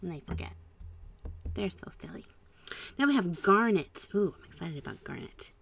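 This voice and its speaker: A woman hosting a casual live stream at home, chatting and musing aloud while she paints, with soft trailing asides. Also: medium pitch, very animated, normal speed. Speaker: art channel host.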